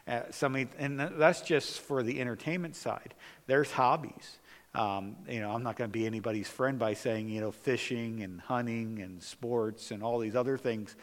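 A man preaching a sermon as pastor, rising to emphatic, slowed phrases. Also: mid-range voice, fairly bright tone. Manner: preaching with emphatic rises and slow, stressed phrases. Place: church sanctuary. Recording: long hall reverb.

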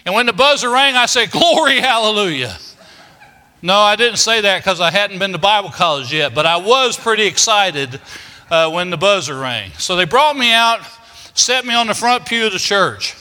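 Folksy preacher, high and bright. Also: male voice, lively intonation, moderate pace. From Kentucky, United States. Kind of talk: storytelling sermon. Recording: long reverb of a large hall.

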